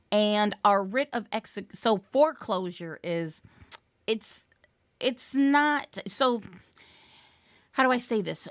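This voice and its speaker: A woman's voice: mid-range voice, no echo, studio quality. A woman tutoring real estate exam questions in a live webinar, playful and chatty. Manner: playful, chatty, sings snippets and cheers.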